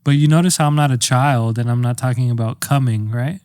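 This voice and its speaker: A man's voice: medium pitch, a little fast, a little mellow, clear, resonant tone, dry recording, studio quality. A man co-hosting a podcast in casual chat, teasing his partner with crude banter. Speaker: podcast co-host.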